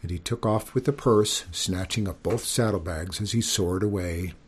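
Man, storyteller, children's story read aloud, expressive, low voice. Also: normal speed, slightly rough. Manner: expressive, voices each character.

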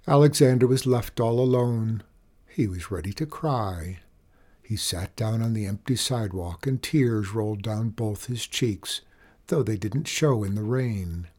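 A man reading a children's storybook aloud in an expressive, measured way. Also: mid-range voice.

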